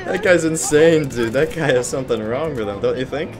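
Joking man over game music. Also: a little fast. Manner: jokey, sarcastic, bursts into high squealing laughs. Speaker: gaming streamer. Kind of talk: casual gameplay banter. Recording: music bed under gameplay voice chat.

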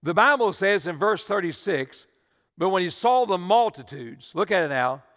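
In a church sanctuary, an older man delivers a sermon with a high, expressive, somewhat bright voice at normal speed. Preaching in a Southern style, he repeats himself and stammers into restarts as his point builds, captured in dull livestream sound with long reverb from the hall.

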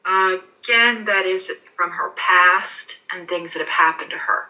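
Bright-voiced woman, soothing and halting. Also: on the low side, rough recording. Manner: soothing, reassuring, halting with many fillers. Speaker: pet psychic. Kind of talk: animal communication session.

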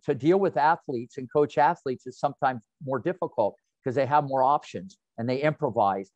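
A man in his sixties, a tennis coach, telling lively, colorful anecdotes in an interview. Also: mid-range voice, normal speed, no room sound. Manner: animated, colorful anecdotes with slang. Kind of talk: interview storytelling. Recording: dull, dry audio.

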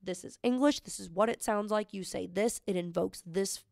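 Gravelly young woman, chatty podcast guest. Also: medium pitch, normal speed, no echo, clean studio sound. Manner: rambling, lots of fillers, animated musing. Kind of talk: casual chat.

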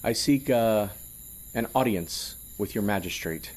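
A man's voice: on the low side, animated, measured pace, a little mellow. A man voicing an impatient male general with a robotic voice, speaking in a dry, sarcastic way.

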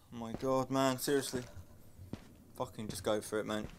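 A young man playing a horror game, muttering and swearing in panic and yelling when frightened. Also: mid-range voice, fairly even intonation, unhurried, noisy background. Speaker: gaming YouTuber.

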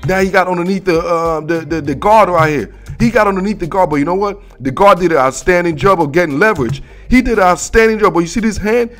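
A man's voice: sits high, fast, hardly any pauses. A man hosting a football film breakdown, talking in a hyped, slangy casual way and calling people "dog" and "bro". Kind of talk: excited casual film-room commentary. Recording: faint background music.

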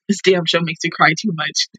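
A woman's voice: on the low side, bright, forceful tone, breathy edge, dry recording, rough recording. A young woman hosting an anime reaction review, talking casually and emotionally with many fillers.

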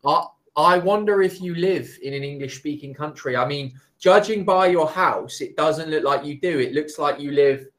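A man's voice: fairly high pitch, normal speed, hardly any pauses, a bit bright. A man chatting as a conversation tutor over a video call, easygoing and reassuring. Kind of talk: casual chat.

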